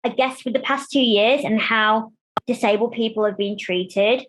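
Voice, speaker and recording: A woman's voice: fairly high pitch, normal speed, slight background noise. A woman from Germany, a guest on an interview show, talking candidly and with animation about her life. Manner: animated, chatty, acts out quoted voices. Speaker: guest, disability rights campaigner.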